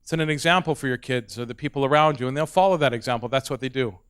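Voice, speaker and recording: A middle-aged man doing stand-up, telling animated stories about his kids and slipping into soft, earnest asides. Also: medium pitch, fast talker, clear, resonant tone. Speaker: stand-up comedian. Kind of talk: stand-up comedy storytelling.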